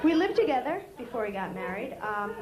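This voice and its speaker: A woman's voice: on the high side, very animated, brisk, a loud crowd. A female stand-up comedian with a bubbly manner who laughs through her own jokes on stage. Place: comedy club stage before a live audience. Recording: hissy VHS tape with a loud audience.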